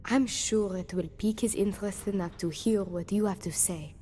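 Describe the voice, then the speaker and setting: An actress with a French accent playing a worried woman who wants to patch things up, speaking in an earnest, measured way. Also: medium pitch, dark tone, a little hiss or hum, natural voice. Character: worried woman seeking a reconciliation.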